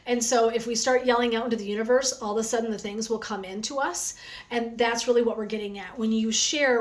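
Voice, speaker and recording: A woman's voice: on the high side, brisk. A woman wellness coach chatting energetically on a phone live stream, with a sore throat from talking. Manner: chatty and energetic, frequent "um" and "right?". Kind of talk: casual live stream chat.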